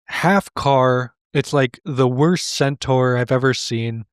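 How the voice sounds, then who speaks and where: A man's voice: medium pitch, takes it slowly, clean tone, no room sound, studio quality. A man co-hosting a comedy show, recapping an old cartoon with sarcastic, incredulous narration. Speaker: podcast co-host recapping a cartoon. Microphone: remote call mic.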